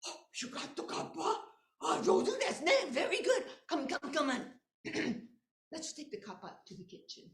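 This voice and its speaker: A woman's voice: sits high, big pitch swings, normal speed, voice pushed up. A woman voicing a hearty, bossy village mayor and father, recorded in an echoey room. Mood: jovial.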